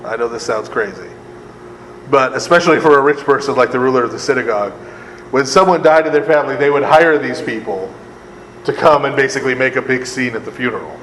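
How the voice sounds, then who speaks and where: Speaking at medium pitch with a quick pace and fairly bright tone, a priest runs a conversational Bible study. He keeps asking "right?", laughs and adds sarcastic remarks, in an echoey room with long reverb and faint air conditioning hum.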